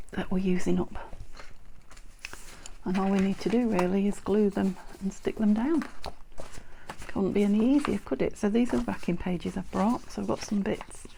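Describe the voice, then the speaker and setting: A woman's voice: mid-range voice, fairly even intonation, a little slow, vocal fry, long pauses, dark tone, a little hiss or hum, low-quality recording. A woman from the UK hosting a casual crafting video at her table, chatting and often dropping to a whisper, on a clip-on mic. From United Kingdom. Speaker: crafting channel host. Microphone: clip-on mic with wire.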